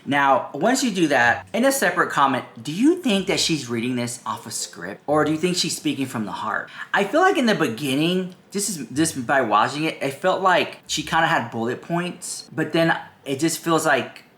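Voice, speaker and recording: A man's voice: on the high side, big pitch swings, moderate pace, hardly any pauses, fairly bright tone, reverberant. A man hosting a drama commentary show, reacting to a clip in a sassy, chatty way and talking straight to his viewers.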